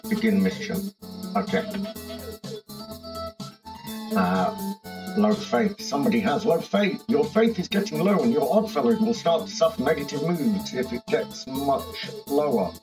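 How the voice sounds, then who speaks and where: High, lively, gravelly-voiced man musing over a game. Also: normal speed, music in the background, rough recording. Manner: musing, thinking aloud with frequent hums and fillers. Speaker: game streamer. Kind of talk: casual game commentary, reading in-game text aloud.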